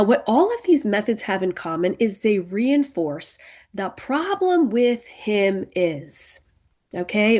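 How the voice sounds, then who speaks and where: A middle-aged woman coaches wives on their marriages in a direct, emphatic talk. Her voice sits in a middle pitch, and she stretches out words she wants to land. She keeps pausing on "okay" and asking whether the listener sees it. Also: a little mellow. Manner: emphatic, repeats "okay" and "do you see it", slows to stress words.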